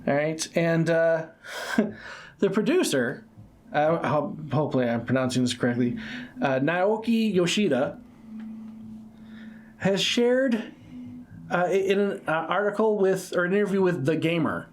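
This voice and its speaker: Guy cohosting a gaming podcast, kinda high voice, laughy, repeats himself a lot. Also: lively intonation, measured pace, pauses often, slight background noise. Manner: laughs often, repeats words while talking. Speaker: podcast co-host. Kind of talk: casual chat about video games.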